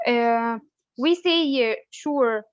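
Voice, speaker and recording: Woman student, halting answers, slightly high, kinda muffled. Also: smooth. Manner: hesitant, halting, searching for words.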